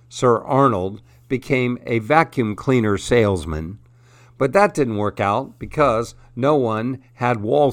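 A man hosting a radio program, reading funny stories and poems aloud in a deadpan way. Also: fairly low pitch, no room sound. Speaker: radio host.

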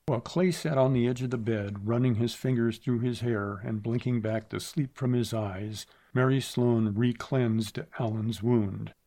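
A man's voice: medium pitch, steady tone, unhurried, hardly any pauses, warm tone. Man narrating a western audiobook.

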